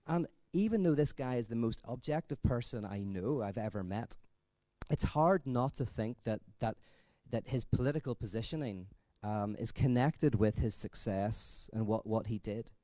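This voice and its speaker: A man giving a conference talk in a conversational, thinking-aloud way, telling jokes with lively energy. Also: medium pitch, normal speed, no room sound. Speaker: conference speaker.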